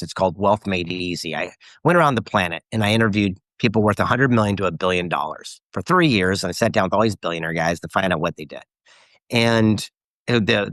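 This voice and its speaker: A man's voice: lowish voice, fairly bright tone, dry recording. A middle-aged man telling a story as an interview guest, animatedly quoting others. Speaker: guest author.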